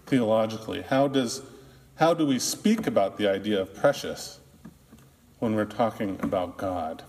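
A man who is a minister, preaching a sermon in a slow, deliberate way with long pauses, in what sounds like a church. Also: lowish voice, darkish tone. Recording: long reverb of a large hall.

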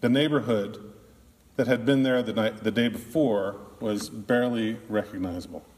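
A man who is a minister, preaching a sermon in a slow, deliberate way with long pauses, in what sounds like a church. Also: fairly low pitch, darkish tone. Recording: long reverb of a large hall.

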